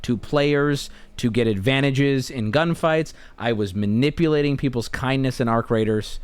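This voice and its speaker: A man's voice: mid-range voice, normal speed, clear, resonant tone, dry recording. An American man in casual stream chat, talking in a rambling, laid-back way. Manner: rambling, laid-back, often restarts and laughs mid-sentence.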